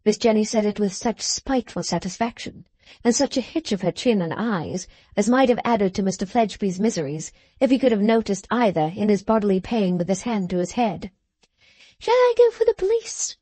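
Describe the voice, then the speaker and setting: A woman narrating a classic novel as an audiobook, reading in an even storytelling manner. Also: medium pitch, brisk, breathy edge, no room sound. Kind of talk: scripted narration.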